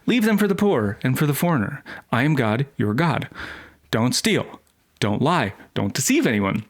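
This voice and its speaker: A man's voice: medium pitch, big pitch swings, normal speed. A man co-hosting a podcast, reading scripture aloud in a dry way and adding playful jokes. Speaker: podcast co-host. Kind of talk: casual comedic Bible discussion, reading passages aloud.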